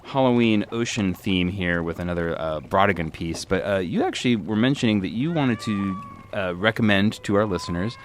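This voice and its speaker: Halting, low-voiced male radio host. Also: expressive, a little hiss or hum. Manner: halting, many fillers and restarts. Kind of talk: casual radio chat. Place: radio studio.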